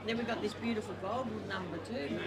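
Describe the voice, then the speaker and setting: A woman's voice: medium pitch, brisk, over a noisy crowd. A woman with an Australian accent giving informal thanks and describing donated items at a club presentation. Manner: chatty, informal thank-yous. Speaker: event organiser. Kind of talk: announcing at a presentation.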